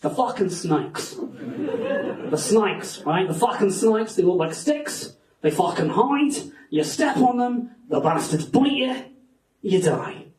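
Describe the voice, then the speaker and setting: A man voicing a gruff, swearing male Australian taxi driver with a blunt, emphatic Australian accent. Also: high-pitched, sing-song, slow, a little mellow, echoey room, distant mic, exaggerated voice, rough recording.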